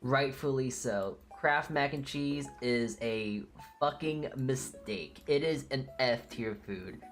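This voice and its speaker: Woman streamer, unusually deep voice, blunt and opinionated, casual live-stream chat, faint music behind. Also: slow.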